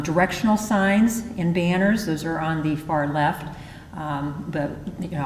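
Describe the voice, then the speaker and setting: Low-voiced woman mayor giving a speech. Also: darkish tone, slight background noise. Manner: hesitant, many fillers. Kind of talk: public address. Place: large hall. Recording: echoey hall with long reverb, faint ambience.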